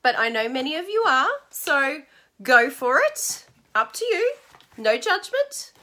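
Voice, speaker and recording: A woman's voice: high voice, sing-song, unhurried, bright, forceful tone. A woman from Australia with an Australian accent, chatting casually and bubbly to live-stream viewers about crafting, laughing often. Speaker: stamping and craft demonstrator.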